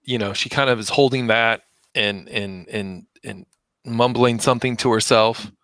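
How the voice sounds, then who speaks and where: A man's voice: mid-range voice, steady tone, normal speed, a bit bright, dry recording, studio quality. A man playing a tabletop game, hesitantly describing what his character does, with many fillers. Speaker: player.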